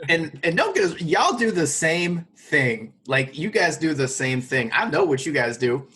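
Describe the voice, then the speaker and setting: A man's voice: fairly high pitch, very animated, measured pace, fairly bright tone, slightly rough. A man co-hosting a casual podcast, speaking frankly to listeners with asides. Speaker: podcast co-host, restaurant manager. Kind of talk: casual chat.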